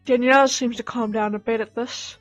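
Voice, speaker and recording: A woman's voice: fairly high pitch, fairly even intonation, fairly quick. A young woman streamer reading a dating game aloud, cutting in with wry, joking asides. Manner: wry, laughing asides between narration. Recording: slightly dull mic, soft game music.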